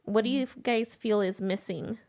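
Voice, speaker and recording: Woman podcast host with a creaky voice. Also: medium pitch, normal speed. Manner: energetic, talks in long run-on thoughts with fillers. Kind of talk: casual conversation.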